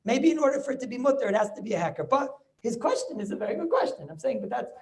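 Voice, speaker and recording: Animated rabbi teaching over video call. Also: male voice, very high voice, very fast. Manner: animated, repeats words, rhetorical questions. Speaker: rabbi teaching a Talmud class. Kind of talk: lively Torah class over video call.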